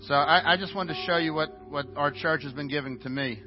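A man's voice: fairly high pitch, a little fast. A man preaching as pastor in a church sanctuary, earnest, often restarting and repeating words. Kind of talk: sermon. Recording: dull, muffled sound with faint music.

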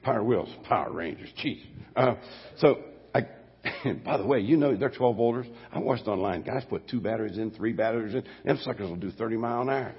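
A man's voice: lowish voice, a little fast, husky. An older man preaching a sermon as pastor, folksy and rambling, stumbling over restarts and slipping into asides. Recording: dull lo-fi audio with long hall reverb.

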